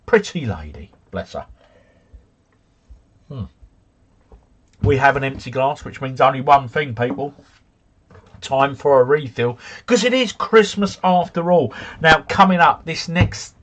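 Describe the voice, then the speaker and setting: A middle-aged man hosting a relaxed livestream from home. His voice is a little husky, and his pitch rises and falls a lot as he chats. He talks to his viewers in a loose, jokey way. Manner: chatty, jokey, drifts off into tangents. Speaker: livestream host. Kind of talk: casual chat reading live comments. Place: home, drinking beer. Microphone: desk mic.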